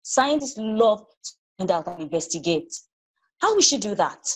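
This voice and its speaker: A woman author reading her story aloud to children, animated and stopping to ask them questions. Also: medium pitch, normal speed, low-quality recording.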